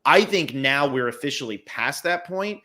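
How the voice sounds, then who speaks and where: A man's voice: mid-range voice, animated, moderate pace, bright, forceful tone. A man co-hosting a casual podcast, analytically talking through scenarios step by step. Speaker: podcast co-host.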